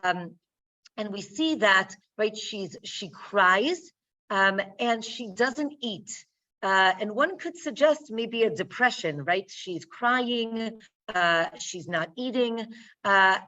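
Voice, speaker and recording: Slow woman teacher, distant dull recording. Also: a little high, sharp tone. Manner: slow, explaining, tags lines with "right?". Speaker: Torah teacher. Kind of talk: text-study lecture.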